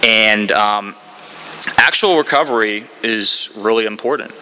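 A man's voice: lowish voice, a little slow, sharp tone, slight background noise. A man speaking at a recovery meeting, sharing his story in a candid, rambling way with many fillers. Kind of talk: candid personal share.

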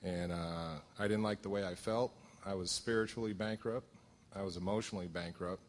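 Middle-aged man from Connecticut, low voice, wry testimony speaker with lots of ums. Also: fairly even intonation, fairly quick. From southern Connecticut. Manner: humorous, self-deprecating storytelling with many fillers. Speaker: recovery meeting speaker. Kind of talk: personal testimony at a support meeting.

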